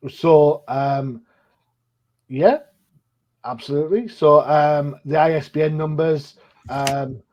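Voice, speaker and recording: The older podcast host speaks slowly with long pauses, his voice on the high side and a little mellow, over slight background noise. In this casual chat he jokes about himself and uses many fillers, all on a dull lo-fi recording.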